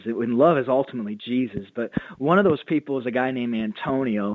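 Earnest pastor on a tinny phone line. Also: male voice, medium pitch, no room sound. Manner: earnest storytelling, acts out quotes. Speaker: pastor and author. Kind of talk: radio interview guest.

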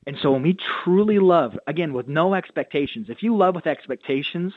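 A pastor and author appears as a radio interview guest, his fairly high voice coming through a dry, tinny phone line. He speaks briskly and with animation, telling stories earnestly and acting out quotes.

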